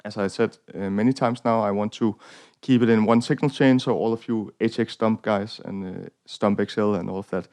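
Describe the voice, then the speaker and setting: Smooth-voiced Danish man, casual gear talk. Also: lowish voice, fairly even intonation, moderate pace, a little mellow. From Denmark. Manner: rambling, many fillers, self-deprecating jokes. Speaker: guitar tone tutorial host.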